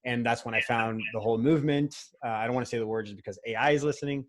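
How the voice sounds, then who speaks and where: A man's voice: medium pitch, very fast, low-quality recording. A man talking in a casual conversation as a guest, rambling with frequent restarts and fillers. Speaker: podcast guest, film co-founder.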